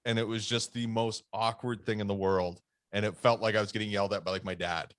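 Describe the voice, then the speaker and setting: A man's voice: fairly low pitch, steady tone, quick pace, fairly bright tone, dry recording, studio quality. A man co-hosting a podcast, telling a story in a rambling way with lots of fillers and swearing. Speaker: podcast co-host. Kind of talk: casual storytelling chat.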